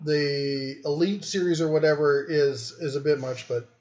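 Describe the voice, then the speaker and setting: A fairly high-voiced man hosts a relaxed livestream from his den, rambling and cracking jokes between viewer comments. The home stream audio is dull and lo-fi. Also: normal speed. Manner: joking, rambling, reads viewer comments aloud. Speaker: livestream host. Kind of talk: casual livestream chat.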